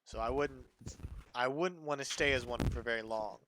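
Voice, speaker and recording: A man's voice: mid-range voice, normal speed, fairly bright tone, natural voice. A man voicing a weathered elf woman cook, blunt and curt, in a tabletop game. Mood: warning. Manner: blunt, clipped questions.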